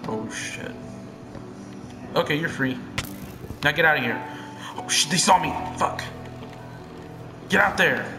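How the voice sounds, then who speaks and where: A young man giving casual gameplay commentary, excitable and profane, swinging between hushed muttering and loud yelling. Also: a little high, measured pace, creaky, pauses often, roomy sound, over music. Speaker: gamer.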